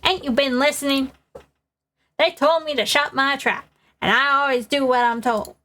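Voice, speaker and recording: A woman voicing a loud, nosy older woman witness, reading game dialogue aloud in a brash, folksy manner. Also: sits high, fairly even intonation, normal speed, slight background noise, voice pushed up.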